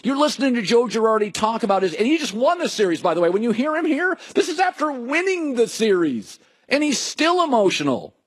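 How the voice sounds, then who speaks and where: A middle-aged man talking sports in an opinionated monologue, his fairly high voice leaping up and down as he jokes and riffs. The sound is close and dry, with no room around it. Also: no echo. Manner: animated, joking, riffing in quick asides. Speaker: sports radio host.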